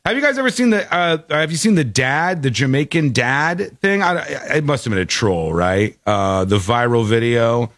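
A male talk radio host with a very lively, swinging voice, reading listener emails and riffing on them. The sound is dry and close on a studio mic. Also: medium pitch, normal speed, few pauses, no room sound. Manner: lively, animated delivery with jokey asides.

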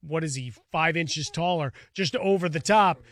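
Man, studio sports co-host, casual wry chat, high-pitched, dry sound. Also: normal speed, a bit bright, dry recording.

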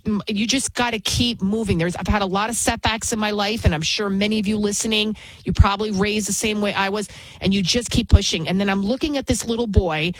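A woman at a middle pitch with a dry, close sound talks casually and bluntly. She rambles, states her opinions flatly and keeps restarting sentences. She works as a TV news host. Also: a little fast, dry recording, low-quality recording. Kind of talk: casual spoken monologue.

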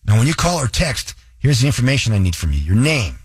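A man hosting a radio talk show, coaching listeners directly and spelling out details slowly. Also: medium pitch, big pitch swings, breathy edge, no room sound.

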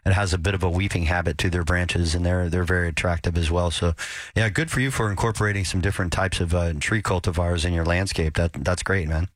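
A man's voice: deep voice, fairly even intonation, fast, dry recording. A man hosting a call-in garden radio show, giving advice in a friendly, folksy way with frequent restarts. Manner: friendly, folksy, repeats words.

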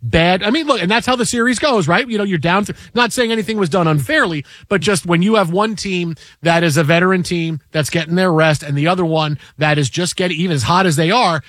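A man's voice: sits high, a little fast, hardly any pauses, fairly bright tone, no echo, clean studio sound. A man hosting a casual sports talk show, rambling and repeating himself as he talks games.

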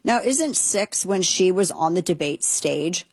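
A woman's voice: lowish voice, lively intonation, unhurried, a little mellow, breathy edge, no echo. A woman hosting a talk show, giving indignant, sarcastic commentary with plenty of emphasis. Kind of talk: opinionated commentary.

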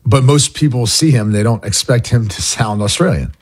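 Slightly husky man chatting on radio. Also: medium pitch, normal speed. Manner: laughs while telling stories. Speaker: radio sports co-host. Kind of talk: casual radio banter. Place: radio studio.

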